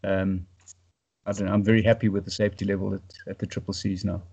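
A man from South Africa, a paragliding pilot and podcast guest, chatting casually and trailing off into quiet fragments. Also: deep voice, level tone, quick pace, creaky, husky, dull audio.

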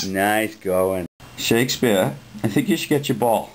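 A man's voice: lowish voice, measured pace, heavy background noise. A man filming a casual home video, talking playfully to his dog indoors. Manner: playful, coaxing talk to a dog.

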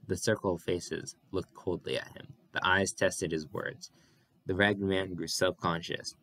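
A deep-voiced man reading a novel aloud. He reads plainly and occasionally trips over a word and corrects himself. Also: level tone, a little slow, a bit bright. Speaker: audiobook reader.

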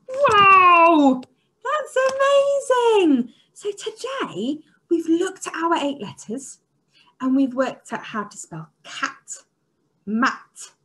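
A woman teacher leading an online phonics lesson for young children, sounding out letters slowly and praising with excitement. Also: medium pitch, husky. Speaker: early years teacher.

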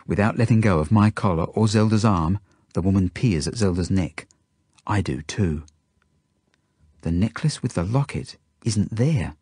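Author-narrator, male, low husky voice, earnest first-person storytelling. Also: expressive, unhurried, darkish tone, no echo, studio quality. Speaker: author reading his book. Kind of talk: audiobook narration.

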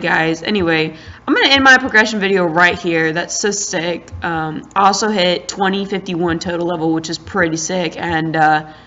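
A young adult woman giving casual, excitable gameplay commentary, full of slang and rambling asides. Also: fairly low pitch, muffled recording. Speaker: gaming channel host.

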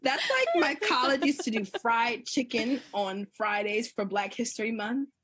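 A young American woman telling stories in a casual podcast chat, animated and laughing often, acting out the voices she quotes. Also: on the high side, normal speed, husky, no echo. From United States. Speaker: podcast guest.

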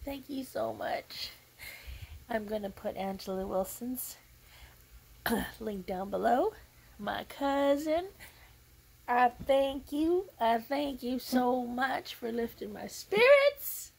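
Gushing, tearful woman vlogger with a gravelly edge. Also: sits high, expressive, slow, low-quality recording. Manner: laughs often. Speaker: crafting vlogger. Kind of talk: unboxing vlog.

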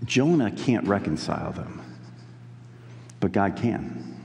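A male pastor preaching a sermon in an earnest, conversational way, pausing to weigh key words. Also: fairly low pitch, sing-song, creaky, a little mellow, in a large hall, slight background noise.

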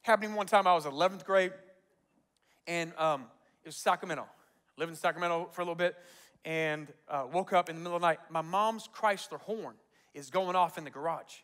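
In a large church auditorium, a pastor preaches briskly in a voice that's a little high. He relates stories with energy, dramatizing quotes and laughing often along the way.

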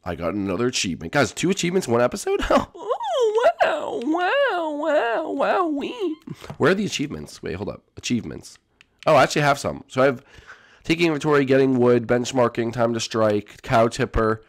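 A young man giving casual, excitable let's-play commentary to his viewers, jumping between gasps and chatter. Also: mid-range voice, fast talker. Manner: excitable, jumpy, talks to viewers as folks. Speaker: gaming YouTuber.

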